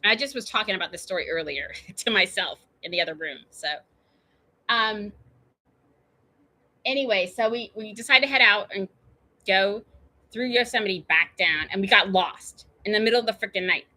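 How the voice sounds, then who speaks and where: A woman's voice: mid-range voice, moderate pace, pushed and bright. A woman hosting her own show, telling a personal story in a chatty, meandering way full of tangents and fillers. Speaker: show host.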